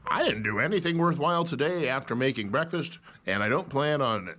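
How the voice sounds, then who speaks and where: A man vlogging casually, switching to a high sing-song voice for his dog and talking easily to the camera. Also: a little fast. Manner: relaxed, easygoing narration. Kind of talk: casual vlog chat. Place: at home with a dog.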